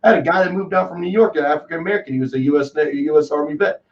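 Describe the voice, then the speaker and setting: Man, twenties, Texan accent, rambling guest, talks fast, far from the mic. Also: a little high. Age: 20s. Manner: rambling and excitable, full of "dude" and "man". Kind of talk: casual chat. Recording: distant, dull lo-fi call audio.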